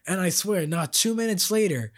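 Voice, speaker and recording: A man's voice: high voice, moderate pace. A man co-hosting a podcast, telling a story casually and acting out the quotes with laughter. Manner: animated, acts out quotes, laughs often. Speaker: podcast co-host.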